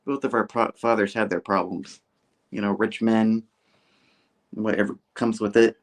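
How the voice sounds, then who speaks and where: A man voicing a self-assured, wealthy male genius who explains things in a measured way. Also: fairly low pitch, fairly even intonation, natural voice.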